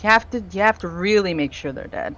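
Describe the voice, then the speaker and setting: A woman's voice: mid-range voice, quick pace, a bit bright, lo-fi sound, a little hiss or hum. A woman co-streaming a game who talks in a blunt, casual way and swears freely. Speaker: co-streamer reading chat. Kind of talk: casual live-stream chat.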